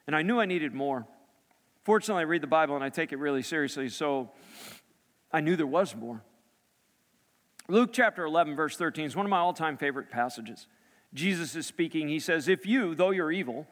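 A man delivers a sermon as a personal story, his fairly high voice moving between emphatic bursts and quiet, hushed passages. He is heard in a large hall, with a long reverb trailing his words. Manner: storytelling, dramatic shifts between loud and hushed. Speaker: pastor.

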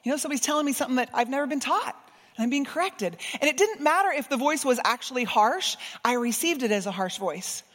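A woman preacher delivering a sermon, expressive, moving between soft, gentle passages and emphatic ones. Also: high voice, fast, big-room sound.

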